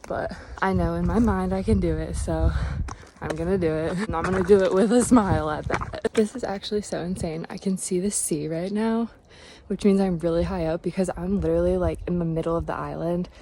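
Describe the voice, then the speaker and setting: A woman's voice: lowish voice, steady tone, brisk, noisy background. A young woman vlogging outdoors as she hikes a mountain trail, chatty and upbeat, out of breath. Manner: chatty and upbeat, talking to camera on the move. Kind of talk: casual vlog narration while hiking. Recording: music bed under the voice.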